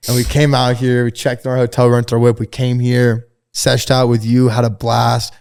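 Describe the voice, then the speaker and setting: A man's voice: medium pitch, normal speed, vocal fry, clean tone. A man guest on a podcast, telling a story in casual, slangy talk and acting out the people he quotes in a raised voice. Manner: animated, acts out quoted dialogue in a raised voice; laid-back slangy talk. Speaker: podcast guest, fashion brand founder. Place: host's glass studio.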